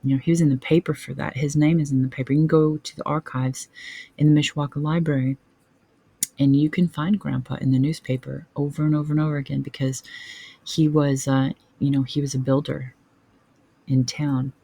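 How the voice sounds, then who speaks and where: A man's voice: a little high, flat delivery, fairly quick, vocal fry, warm tone, husky. A man from northern Indiana giving an earnest, conversational vlog address to his family, with frequent filler phrases. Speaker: family vlogger. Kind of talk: casual heartfelt vlog address.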